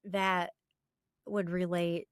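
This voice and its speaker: A woman's voice: fairly low pitch, little pitch movement, very slow, clean tone, dry recording, clean studio sound. A middle-aged woman hosting a podcast, reflective and affirming in conversation. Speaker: podcast host. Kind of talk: conversational interview.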